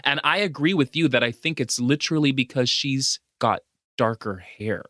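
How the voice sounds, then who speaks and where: A man's voice: mid-range voice, normal speed, dry recording, clean studio sound. A man from the United States co-hosting a podcast, recapping a film in casual chat and acting out the characters' lines. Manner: animated retelling with acted-out quotes. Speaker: podcast co-host.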